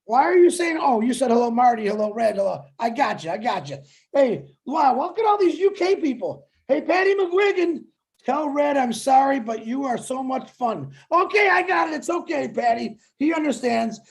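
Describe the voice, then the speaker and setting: Very high-pitched, shouting American man. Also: lively intonation, moderate pace, vocal fry. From United States. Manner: loud, shouting, pumped-up. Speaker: co-host. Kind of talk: hyped-up livestream shout-outs.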